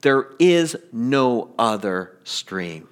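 A pastor voicing a still, solemn male lion in a sermon story, speaking slowly and gravely. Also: mid-range voice, very animated, pitched below the performer's own voice.

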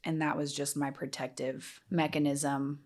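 A woman's voice: sits low, level tone, a little slow, a little mellow. A young woman, a yoga trainer, telling her story candidly as a podcast guest, rambling with lots of fillers. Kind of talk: casual interview storytelling.

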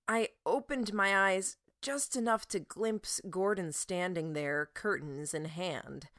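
A woman reading an audiobook chapter aloud in a measured way. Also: fairly low pitch, a bit bright. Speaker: audiobook narrator. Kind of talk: audiobook narration.

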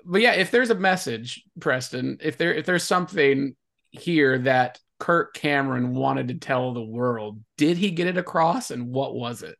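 A man's voice: mid-range voice, a little slow, gravelly, a bit bright. A man hosting a casual film-review podcast, laughing often and acting out quotes from the movie. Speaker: podcast host.

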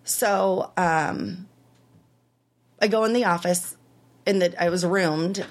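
A woman in her thirties tells a personal story in an interview, her voice fairly low for a woman. She is animated and acts out the other people's lines. Her pitch jumps high when she relives the hardest moments. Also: slow. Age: 30s. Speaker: interview guest.

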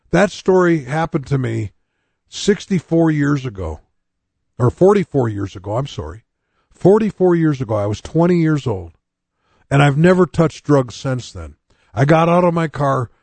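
An older man in his sixties preaching a personal testimony, earnest and plain-spoken. His voice sits a little high for a man. The sound is dry and close, with no room echo. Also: darkish tone. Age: 60s. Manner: earnest, plain-spoken storytelling that speaks straight to listeners.

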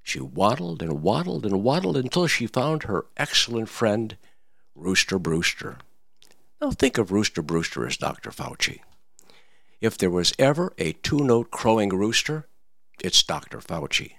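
A man's voice: fairly low pitch, big pitch swings, measured pace, vocal fry, fairly bright tone, no echo, clean studio sound. A man giving satirical political commentary, telling a mocking fairy tale in a theatrical, sing-song way.

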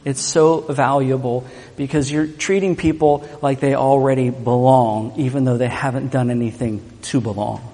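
A man preaching a sermon, animated and joking as he tells a Bible story, in a church. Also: mid-range voice, normal speed, big-room sound. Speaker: pastor.

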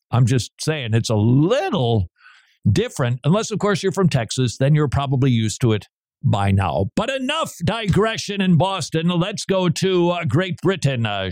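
A man's voice: mid-range voice, big pitch swings, unhurried, darkish tone, no echo, studio quality. A man hosting a radio talk show, chatting in a loose, digressive way and laughing between remarks. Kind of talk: casual on-air banter.

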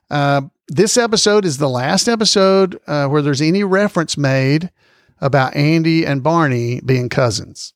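A man's voice: mid-range voice, creaky, no echo, clean studio sound. A male podcast host chatting casually about trivia, rambling with lots of fillers and small chuckles.

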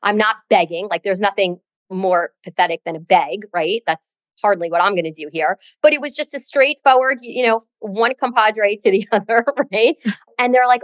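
A woman's voice: medium pitch, normal speed, no room sound. A middle-aged woman co-hosting a podcast, telling a story in a dramatic, sassy, chatty way. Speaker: podcast co-host. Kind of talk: casual chat, storytelling.

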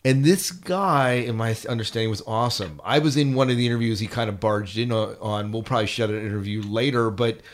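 A man's voice: lowish voice, brisk, hardly any pauses. A man hosting a podcast, opening the show in casual, upbeat chat. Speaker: podcast host.

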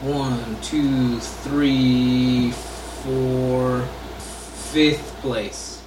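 A man co-hosting a podcast, chatting about movies in a relaxed, offhand way. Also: medium pitch, drawn-out words, noisy background. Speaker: podcast co-host. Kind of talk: casual movie review chat.

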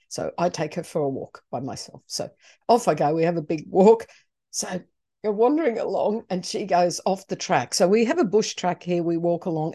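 A middle-aged woman, a podcast host, telling a personal story in a chatty, digressive and expressive way. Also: fairly low pitch. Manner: chatty, digressive and expressive, acting out her own reactions. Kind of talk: casual spoken storytelling.

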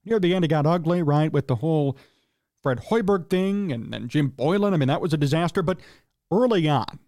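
High-voiced opinionated sports radio man. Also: expressive, a little fast, a little mellow, no echo, studio quality. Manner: opinionated, exasperated rants with rhetorical questions. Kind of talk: solo sports talk commentary.

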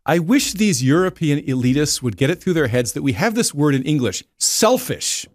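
Halting, digressive male guest. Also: a little high, big pitch swings, no room sound. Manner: digressive, halting with repeated words. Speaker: guest editor. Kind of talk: casual discussion.

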